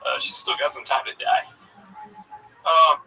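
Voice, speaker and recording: A man telling crude jokes in a halting, filler-heavy way, then bantering about himself. His voice sounds very bright and thin. He is picked up from a distance, with music faint in the background. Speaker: stand-up comedian, guest. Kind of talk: stand-up set then casual banter.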